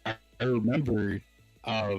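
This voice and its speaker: A man's voice: lowish voice, fairly even intonation, a little slow, highs cut off, faint music behind. A man hosting a podcast, telling a story casually with lots of fillers and laughs. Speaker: podcast host. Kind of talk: casual chat.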